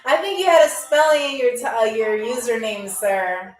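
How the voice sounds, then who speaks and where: A woman hosting a live-streamed game show, teasing viewers and reading their comments aloud, and saying foreign phrases very slowly. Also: on the high side. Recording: roomy, mic at a distance, faint music.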